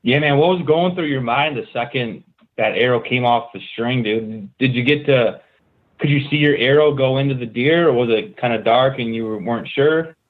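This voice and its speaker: A man's voice: mid-range voice, moderate pace. Male host, easygoing interviewer, heard through a tinny remote line. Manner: laid-back, asks questions, laughs along. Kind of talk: casual interview on a live podcast.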